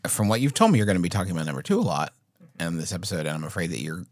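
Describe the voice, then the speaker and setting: A man's voice: sits low, sing-song, racing, dry recording. A man co-hosting a podcast, chiming in with playful, wry remarks. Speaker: podcast co-host. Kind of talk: casual podcast chat.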